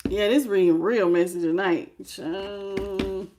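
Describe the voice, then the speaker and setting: A woman with a slightly high voice runs a live tarot reading, laying out the cards in a loose, conversational way. She talks animatedly, laughs easily and greets viewers by name between the cards. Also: unhurried, noisy background. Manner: casual, chatty, animated, often laughing. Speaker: tarot reader.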